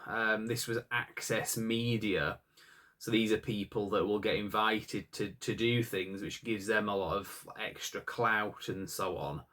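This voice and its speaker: A man co-hosting a podcast, talking in a rambling, opinionated way. His voice sits slightly low, and he leans on "like" and "um" as he goes. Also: fairly bright tone. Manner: rambling, opinionated, heavy use of "like" and "um". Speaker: podcast co-host. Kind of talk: casual chat.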